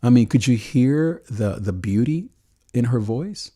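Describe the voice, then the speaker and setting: A man hosting a call-in show, talking earnestly and emotionally about faith and love, with frequent restarts and soft laughs. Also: mid-range voice, animated, a little slow. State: choked with emotion. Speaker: host.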